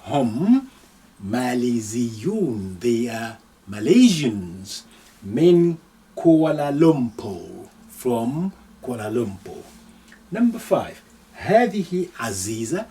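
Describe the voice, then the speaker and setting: A man's voice: medium pitch, sing-song, dark tone. A man teaching an Arabic lesson, patiently repeating each phrase and giving its translation. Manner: reads sample lines slowly for pronunciation. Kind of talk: recorded language lesson. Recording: voice picked up from a distance.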